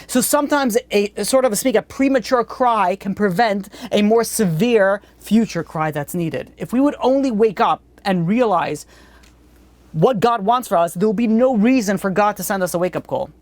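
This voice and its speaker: A man's voice: high-pitched, expressive, moderate pace, a little mellow, dry recording. A man teaching a Torah class as a rabbi, blunt and earnest, often restarting his sentences.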